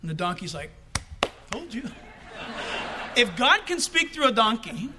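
A male pastor delivering an animated, conversational sermon in a church, with quick asides to the congregation. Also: very high-pitched, noisy background.

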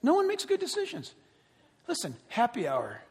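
A man preaching a sermon as pastor, animated and joking, acting out the voices of other people. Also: very high-pitched, normal speed, long reverb tail, noisy background.

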